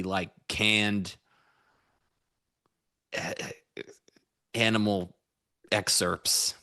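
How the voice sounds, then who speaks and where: A man's voice: low voice, no echo, studio quality. A man co-hosting a live trading stream, joking and chatting casually. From Pennsylvania. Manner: joking, animated storyteller. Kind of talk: casual chat.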